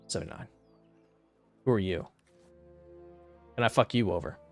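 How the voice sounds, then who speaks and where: A man's voice: fairly low pitch, moderate pace, soft background music. A young man streaming a strategy game, casually thinking aloud through his moves and muttering calculations, now and then flaring into exasperated rants. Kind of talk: casual gameplay commentary.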